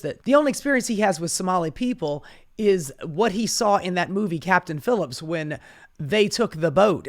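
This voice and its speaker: A man delivering a profane, sarcastic political rant, exasperated throughout. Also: high-pitched. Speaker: political commentator. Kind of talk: ranting political commentary.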